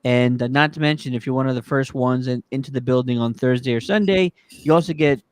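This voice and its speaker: A man's voice: mid-range voice, a little fast, clean tone, no room sound, clean studio sound. A man hosting a podcast in casual chat, upbeat and promotional, with frequent restarts. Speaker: podcast host.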